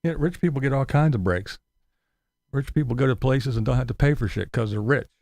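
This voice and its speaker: A man's voice: medium pitch, fairly quick, a little mellow, no echo. A man ranting profanely on a casual live stream, sarcastic and mocking. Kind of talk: casual livestream rant.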